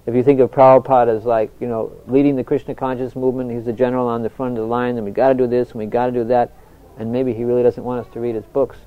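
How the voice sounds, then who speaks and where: A soft-spoken older man, a spiritual teacher telling anecdotes in a reflective talk, often restarting his sentences. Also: mid-range voice, flat delivery, fast talker, hardly any pauses. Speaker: spiritual teacher answering questions. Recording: dull lo-fi recording.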